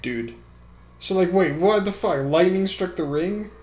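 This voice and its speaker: A man's voice: high-pitched, measured pace, a little mellow. A young man co-hosting a podcast, reacting bluntly and with disbelief, swearing often. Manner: blunt, incredulous, swears a lot. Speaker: podcast co-host. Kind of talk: casual chat. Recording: roomy echo.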